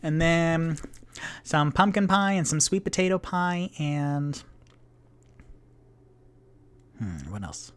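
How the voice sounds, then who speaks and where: A man voicing a patient, fretful innkeeper woman who talks gently and hesitantly, stumbling over her words, in a solo tabletop game. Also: a little high, animated, measured pace, clean tone, pitched above the performer's own voice. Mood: chatty.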